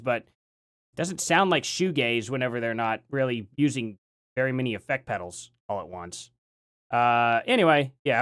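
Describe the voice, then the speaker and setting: A man's voice: mid-range voice, no echo, studio quality. A man hosting a live stream, chatting casually and rambling as he reacts to his chat, often laughing.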